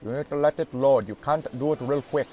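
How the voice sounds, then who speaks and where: A man voicing an impatient male phone tech support agent, speaking slowly and insistently and calling the caller sir. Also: mid-range voice, mellow, dull audio, faint music behind, lightly acted. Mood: pushy. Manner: slow, insistent, formal "sir" phrasing. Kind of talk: comic retelling of a phone call.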